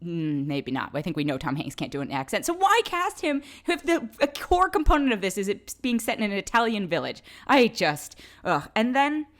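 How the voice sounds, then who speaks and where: A woman reviewing a film in a casual, unscripted way. Her voice swings widely in pitch as she vents. She sounds exasperated and sarcastic and laughs between her complaints. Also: very animated, moderate pace, few pauses.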